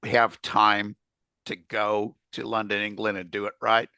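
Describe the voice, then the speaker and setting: A man's voice: lowish voice, completely flat delivery, unhurried, bright, forceful tone, clean tone, no room sound. A man co-hosting a podcast in casual chat, laughing easily and repeating his words as he gets going. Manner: laughs often, repeats words as he starts sentences. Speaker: podcast co-host.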